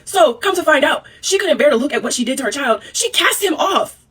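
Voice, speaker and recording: A young woman vlogger recapping a drama in an animated, chatty way, with slangy asides. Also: sits high, a little fast. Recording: voice a bit far from mic.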